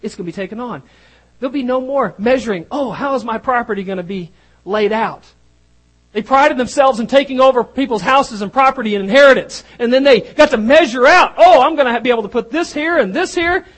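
A preacher delivering an emphatic sermon, moving between loud stresses and hushed lines. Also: mid-range voice, slightly rough, poor audio.

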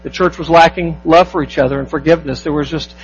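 A man preaching a sermon as pastor, emphatic, asking the congregation rhetorical questions and slowing down to stress key phrases. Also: a little high, steady tone, highs cut off, slight background noise.

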